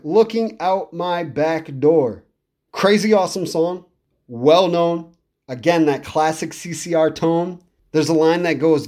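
Speaking casually as a podcast host, a man with a fairly high, darkish voice raises it slightly. He rambles enthusiastically, repeating words for emphasis like an easygoing music review monologue.

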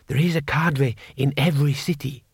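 A man reading an audiobook, voicing an earnest young woman rebel who speaks in a measured, defiant way. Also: mid-range voice, fairly even intonation, vocal fry, breathy edge, no room sound, studio quality. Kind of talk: audiobook character voice.

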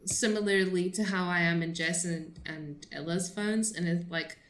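A woman's voice: fairly low pitch, moderate pace, echoey room. A woman co-hosting a podcast in casual chat, rambling and laughing, with lots of "like". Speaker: podcast co-host.

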